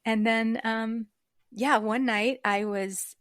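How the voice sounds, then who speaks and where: A woman guest in an interview, telling a personal story reflectively, with frequent fillers and soft laughs. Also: on the high side, steady tone, takes it slowly, smooth, no room sound, studio quality. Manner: reflective, acts out remembered dialogue. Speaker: podcast guest.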